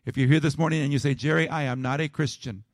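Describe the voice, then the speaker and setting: A male pastor preaching a sermon to his congregation, rising to loud emphatic peaks and dropping to a quiet, low prayer. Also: steady tone, quick pace. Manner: calls out to the congregation.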